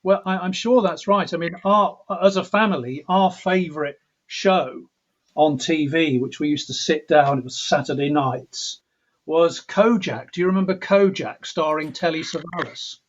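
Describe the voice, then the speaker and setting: A slightly high-pitched English man with a husky edge to his voice talks through his thoughts in a relaxed interview, stopping and restarting his phrases as he works out what he means. The sound is dull and lo-fi, like a remote call. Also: normal speed. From England. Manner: reflective, frequent restarts and repeated words. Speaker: composer guest.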